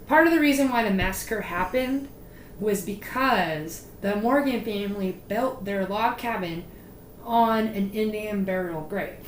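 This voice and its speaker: Chatty woman in a roomy space. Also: medium pitch. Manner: chatty, animated storyteller with fillers. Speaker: podcast co-host. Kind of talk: casual history chat. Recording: roomy with faint noise.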